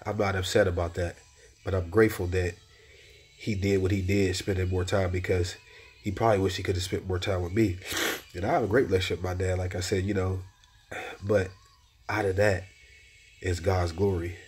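A man giving a personal testimony of encouragement in a preacher-like way, repeating phrases and rising in pitch when he exhorts. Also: level tone, a little fast, long pauses, a little mellow, breathy edge.

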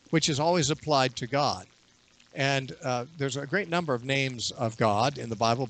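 A man in a radio interview, a bible teacher explaining scripture in a measured way and quoting verses at length. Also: medium pitch, a bit bright.

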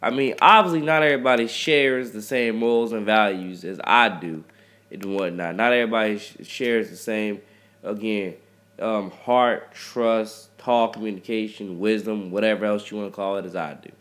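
A man's voice: fairly low pitch, normal speed. A man giving rambling advice on love and friendship to his viewers, repeating himself and restarting often in a preachy way. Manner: addresses listeners as ladies and gentlemen. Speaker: rapper talking to viewers.

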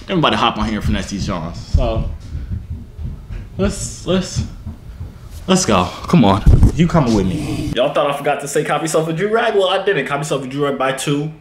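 A man's voice: mid-range voice, moderate pace. A young man vlogging at home, joking and bragging in playful casual banter. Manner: playful boastful banter with lively rises. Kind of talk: joking casual vlog chat. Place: home, indoors. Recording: echoey room with faint ambient noise.

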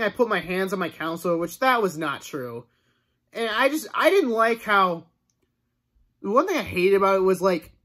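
A man's voice: sits high, a bit bright, a little hiss or hum. Rambling young man telling a story. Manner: rambling, full of "like" fillers. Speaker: vlogger. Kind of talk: casual storytelling monologue.

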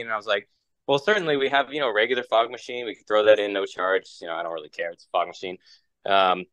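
A man with a lowish voice tells a rambling, exasperated story from a wedding gig. His tone is bright and forceful, recorded close and dry with no room sound. He slips in and out of quoted voices as he talks. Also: a little fast, clear, resonant tone, no echo, low-quality recording. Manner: rambling and exasperated, acting out both sides of conversations. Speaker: wedding DJ on a panel show. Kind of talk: casual storytelling on a round-table podcast.

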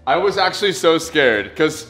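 A man's voice: fairly high pitch, very animated, normal speed, fairly bright tone, soft background music. A young man cooking with friends, playful and a bit bossy, narrating like a show host. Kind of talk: casual chat while cooking. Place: home kitchen.

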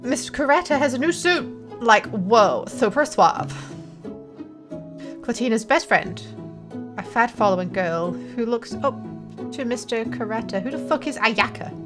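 A woman hosting a let's play, reading game dialogue aloud with crude joking asides and quick mock character voices. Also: on the high side, lively intonation, music in the background. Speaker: gaming video host.

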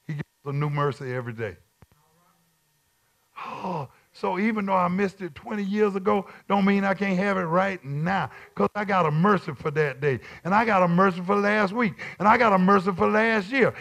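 A man preaching at Bible study as a bishop, repeating his lines in call-and-response and swinging from quiet talk to shouts. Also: high-pitched, vocal fry.

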